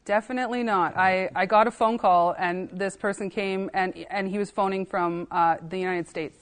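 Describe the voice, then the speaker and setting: A woman's voice: mid-range voice, normal speed, clean tone. A woman, an assistant archivist, telling funny anecdotes in a casual podcast interview and acting out the voices of the people she quotes. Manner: animated anecdotes, acting out quoted dialogue, laughing.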